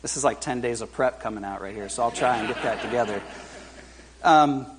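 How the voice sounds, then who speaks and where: A man in his forties preaching as a guest speaker to a church congregation, in a conversational, halting way with lots of fillers and self-deprecating humor. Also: medium pitch, a little hiss or hum. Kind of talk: informal sermon. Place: church service before a congregation.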